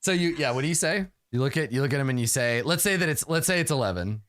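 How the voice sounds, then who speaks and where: Animated game master, halting and lively. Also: male voice, medium pitch, dry recording, clean studio sound. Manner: lively, halting narration full of fillers, slips into character voices. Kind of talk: narrating a tabletop game.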